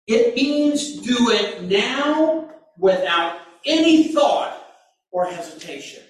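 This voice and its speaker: Slow-preaching man in an echoey hall. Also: extremely high pitch, very animated. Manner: slow, deliberate preaching with sudden emphatic bursts. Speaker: pastor. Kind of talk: sermon. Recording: very echoey room, mic far off.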